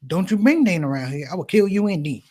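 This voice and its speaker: A man voicing his suspicious, protective mother in a soft, low, drawn-out tone. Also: expressive. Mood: threatening.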